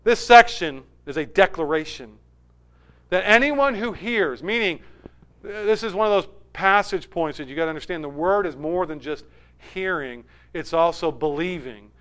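Male pastor, high smooth voice, emphatic sermon delivery with big loud-to-quiet swings. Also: lively intonation, normal speed.

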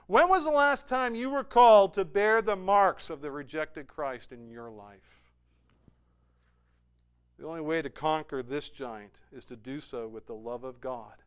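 A man preaching a sermon, building to emphatic high peaks and then dropping into soft, low endings. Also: measured pace, smooth.

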